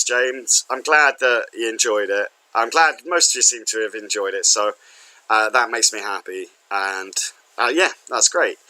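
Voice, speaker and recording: A man's voice: lowish voice, bright, forceful tone, rough recording. A man chatting casually to viewers at the end of a livestream, rambling and self-deprecating. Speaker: streamer.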